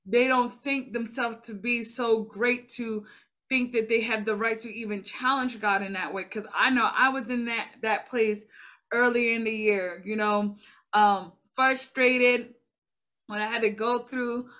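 A woman hosting a casual faith conversation, earnest and reflective, growing animated as she speaks. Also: on the high side, unhurried.

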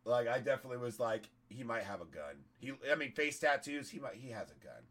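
A hoarse-voiced man, a comedian, telling a story in casual, profane podcast chat. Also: mid-range voice, expressive, fast, a bit bright.

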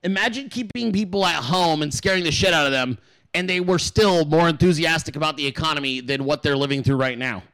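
A man hosting a political show, ranting in heated, profane commentary and repeating words for emphasis. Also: fairly quick. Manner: swings in pitch and loudness.

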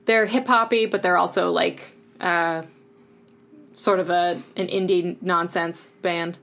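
A woman's voice: on the low side, fairly even intonation, slow pace, gravelly, fairly bright tone. A woman co-hosting a podcast in casual, rambling chat, upbeat with lots of fillers. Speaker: podcast co-host.

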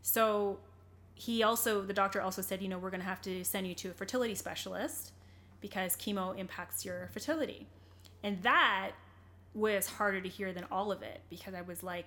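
A woman's voice: medium pitch, moderate pace, fairly bright tone. A young adult woman, an interview guest, telling a personal story candidly in conversation, earnest and rambling, with many fillers and restarts.

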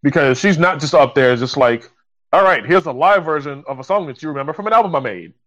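A man co-hosting a podcast, talking in a measured, reasonable way with fillers like um and you know. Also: a little high, animated, fairly bright tone, rough recording. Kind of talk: casual chat.

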